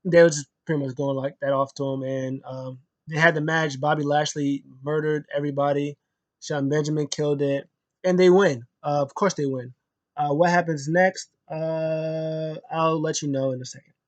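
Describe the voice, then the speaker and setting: Young male vlogger, loose and slangy, rambling recap, voice a touch high. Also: little pitch movement, normal speed, no room sound. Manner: slangy, rambling, many fillers. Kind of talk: casual show recap.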